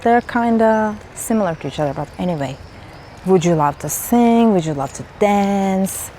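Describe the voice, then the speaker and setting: A woman's voice: mid-range voice, animated, moderate pace, dark tone, a little hiss or hum. A woman giving a spontaneous, reflective spiritual talk outdoors in a forest, musing loosely and asking rhetorical questions. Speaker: spiritual vlogger.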